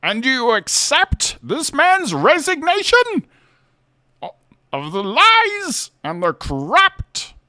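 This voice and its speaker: Bane, a man doing a slow, swooping villain voice. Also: very high-pitched, wildly swooping pitch, pushed and bright, dry recording, clean studio sound, voice pushed up, heavily acted. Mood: menacing. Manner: slow sing-song cadence swooping up and down. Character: hulking masked male villain, menacing and theatrical.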